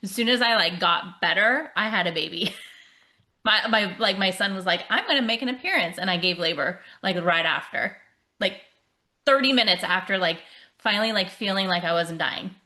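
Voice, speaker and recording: A woman podcast host with a fairly low, very bright voice chats casually and shares her own story in conversation. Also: moderate pace. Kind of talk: casual interview chat.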